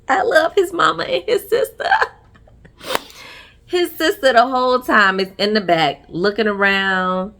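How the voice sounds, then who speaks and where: A woman's voice: fairly high pitch, slow pace, long pauses, a bit bright. A woman giving a sassy, chatty recap of a reality show episode, laughing often. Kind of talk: casual recap commentary.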